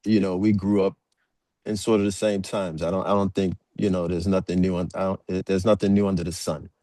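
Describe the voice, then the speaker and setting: A man in his forties talks as a podcast guest, relaxed and rambling with plenty of fillers. His voice is low and warm. The sound is dry and close. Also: brisk, no echo. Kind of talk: casual storytelling.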